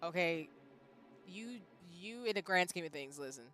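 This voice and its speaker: A streamer in their thirties plays a game and chats casually, replying to the characters on screen. Their medium-pitched voice is animated, pushed and bright, moving at a moderate pace, with faint music in the background.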